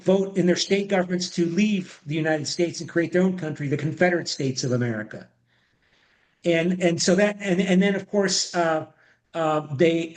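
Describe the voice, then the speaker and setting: A high-voiced man lectures on history to an online class, circling back on his words and restarting sentences. His voice carries a roomy echo through a video call microphone. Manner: rambling, many restarts and repeated words. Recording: echoey room.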